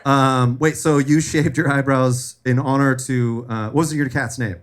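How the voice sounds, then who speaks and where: A man's voice: medium pitch, fairly even intonation, unhurried. A young man hosting a live comedy show, joking loosely, swearing and laughing at his own stories. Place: live venue with audience.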